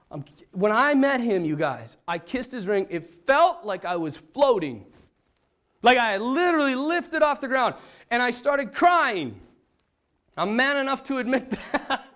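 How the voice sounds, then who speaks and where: A man, a priest, telling a personal story to an audience, swinging from hushed to excited. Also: high voice. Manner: lively, dramatic swings from hushed to excited, laughs often. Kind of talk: animated storytelling talk to an audience.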